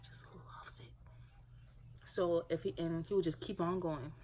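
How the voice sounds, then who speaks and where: A young woman with a somewhat low voice talks casually to her camera at home. She rambles and leans on filler words as she goes. A faint hiss of room noise sits under her voice. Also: steady tone, unhurried, warm tone, poor audio. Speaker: parent vlogger.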